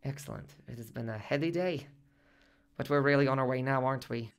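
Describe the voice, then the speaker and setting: A man voicing a calm, reassuring male eye surgeon in a radio play, who speaks softly and in a measured way. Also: mid-range voice, smooth, natural voice. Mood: soothing. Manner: soft, measured.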